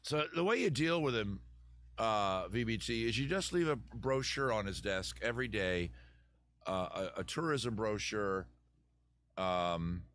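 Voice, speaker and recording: A man's voice: lowish voice, lively intonation, measured pace, fairly bright tone. A man hosting a live advice stream, rambling through chat questions with jokey, digressive mock advice. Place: home room with a fire.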